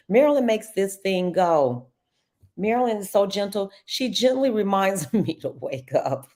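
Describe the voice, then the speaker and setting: A middle-aged woman, hosting a casual live trading walkthrough, chatty and quick to laugh. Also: mid-range voice, sing-song, a little mellow. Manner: chatty, laughs often, addresses viewers as y'all.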